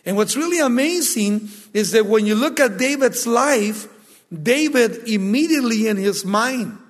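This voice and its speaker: A man's voice: sits high, in a large hall. A man preaching a sermon, retelling a story dramatically and emphatically.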